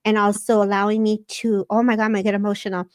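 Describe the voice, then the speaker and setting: A woman hosting a live show and giving an intuitive reading, effusive and emotional, speaking in quick bursts. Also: medium pitch, flat delivery, no room sound, studio quality. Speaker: psychic reader and live show host.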